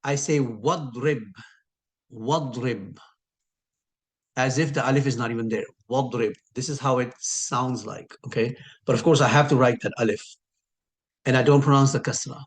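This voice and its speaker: A man teaching a recorded lesson who patiently repeats key sounds and draws words out slowly for emphasis. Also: mid-range voice, fairly even intonation. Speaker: Arabic teacher.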